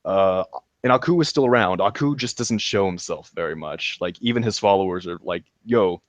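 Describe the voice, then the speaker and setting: Low-voiced man gushing about a show. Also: brisk, no room sound, highs cut off. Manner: enthusiastic, laughs while recapping, many ums and restarts. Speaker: podcast co-host reviewing a show. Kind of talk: casual review chat.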